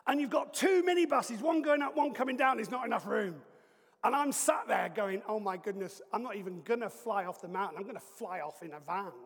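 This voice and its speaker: High-voiced preacher telling a comic story. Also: male voice, big-room sound. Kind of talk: storytelling sermon.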